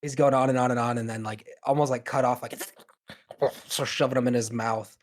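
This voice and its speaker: A man's voice: medium pitch, steady tone, fairly quick. A man narrating a tabletop game as game master, in a loose style full of fillers.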